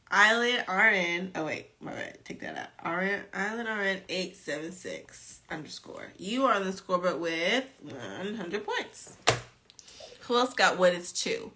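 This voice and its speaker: A woman tutors nursing students during a casual live-stream quiz, reading questions aloud in a chatty, playful way and laughing often. Her voice sits at medium pitch and sounds pushed and bright.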